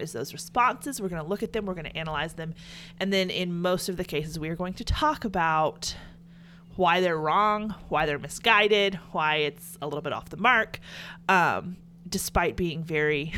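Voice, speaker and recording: A woman's voice: fairly low pitch, normal speed, bright, forceful tone, a little hiss or hum. A young adult woman with a Southern US accent, co-hosting a podcast, chatty and playful. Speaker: podcast co-host. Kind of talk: casual chat.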